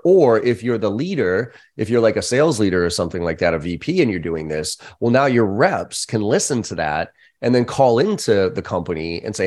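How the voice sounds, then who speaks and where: A middle-aged man, a podcast guest and sales trainer, telling lively stories in casual, profane chat. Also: fairly low pitch, brisk. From United States. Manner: animated storyteller, casual and profane, acts out quoted voices.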